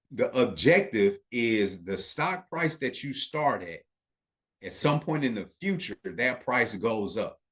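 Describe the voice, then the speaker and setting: A man's voice: fairly low pitch, fairly bright tone. A man teaching a live online investing class in a casual way, emphatic and talking straight to his chat audience, repeating key points and checking in with "okay".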